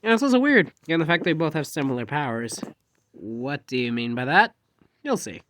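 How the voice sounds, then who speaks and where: A man's voice: fairly high pitch, big pitch swings, fairly quick, a bit bright. A man casually telling a rambling fan story, jumping animatedly into quoted dialogue.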